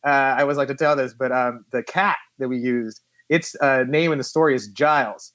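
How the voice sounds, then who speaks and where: A film producer chatting in an interview, an animated storyteller who acts out quotes and laughs often. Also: male voice, mid-range voice, fairly quick, no echo. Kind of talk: casual interview chat.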